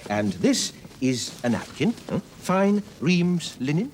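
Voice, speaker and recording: A man's voice: on the high side, very animated, slow pace, a little mellow, slight background noise. An older man playing a retired stage actor in a period TV drama, speaking in a grand, courtly, theatrical way.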